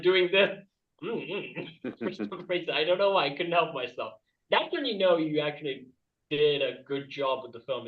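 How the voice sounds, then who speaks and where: Over a video call, a man with a fairly high voice does a rambling stand-up bit and laughs at his own jokes. The sound is reverberant and distant-miked with the highs cut off, and his loudness jumps around.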